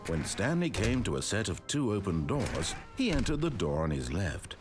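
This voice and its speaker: Dry all-knowing male narrator, measured, very expressive low voice, game music behind. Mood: narrating. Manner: measured, wry storyteller. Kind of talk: scripted storybook narration.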